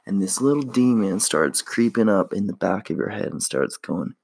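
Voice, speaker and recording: A man's voice: lowish voice, animated, normal speed, vocal fry, hardly any pauses, a little mellow. A young man hosting a casual solo podcast, laid-back and slangy, reflecting on his life. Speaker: podcast host.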